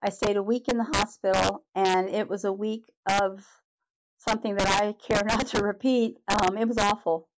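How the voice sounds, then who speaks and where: A woman's voice: mid-range voice, steady tone, moderate pace, noisy background. A middle-aged woman, a podcast guest, telling her personal story in a candid, earnest way and restarting her sentences often.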